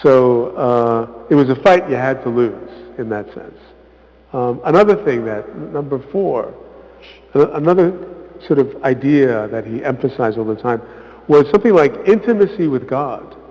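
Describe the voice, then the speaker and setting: A man, a visiting priest, giving an informal parish talk, conversational and often asking "right?", acting out quotes with lively emphasis. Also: medium pitch, normal speed. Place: church hall. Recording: echoey church hall, muffled sound.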